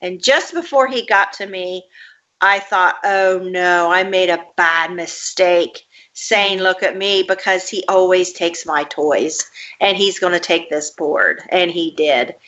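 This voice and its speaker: Woman, interview guest, earnest detailed storyteller, bright voice, muffled lo-fi recording. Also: fairly low pitch, takes it slowly. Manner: earnest, detailed recounting with fillers. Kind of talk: personal storytelling. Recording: dull lo-fi audio.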